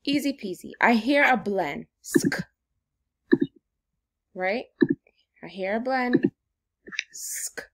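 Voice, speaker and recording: A woman's voice: a little high, animated, measured pace, fairly bright tone. A woman teacher giving a phonics lesson to young children in an upbeat, sing-song way.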